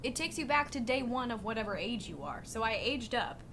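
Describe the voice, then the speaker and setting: A woman co-hosting a livestream, telling stories in a giggly, animated way. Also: on the high side, brisk, noisy background. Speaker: livestream co-host. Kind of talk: casual chat.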